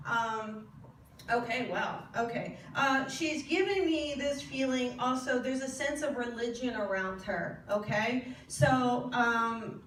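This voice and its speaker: A spiritual medium gives a chatty live reading to an audience in a hall during a spiritual service, laughing often and asking questions. Her voice is on the high side, slow, and a bit bright, recorded from far off in the echoey hall with slight background noise.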